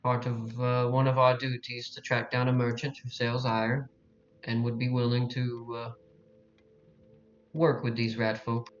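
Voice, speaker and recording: A man takes part in a tabletop game and speaks in a relaxed, joking drawl. His pitch sits mid-range. The recording is slightly dull. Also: measured pace. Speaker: player. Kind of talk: casual tabletop game play.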